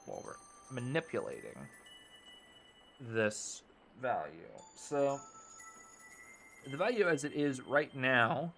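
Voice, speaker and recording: Dude slowly talking thru a 3d modeling stream, gravelly fry in his voice, swears now and then, bit of music playing low. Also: fairly bright tone. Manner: muttering, thinks aloud, swears casually. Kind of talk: casual think-aloud livestream tutorial.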